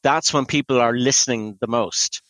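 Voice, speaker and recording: Brief: male podcast host, mid pitch, dry close mic, eager rambling chat. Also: normal speed, a bit bright, dry recording, low-quality recording. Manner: enthusiastic, rambling film recap. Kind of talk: casual chat. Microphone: podcast microphone.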